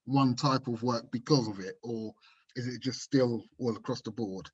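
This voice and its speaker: A podcast host with a mid-pitched voice asks relaxed questions and laughs along with his guest. The audio sounds dull and muffled, like a remote call. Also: moderate pace, husky. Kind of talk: casual podcast interview.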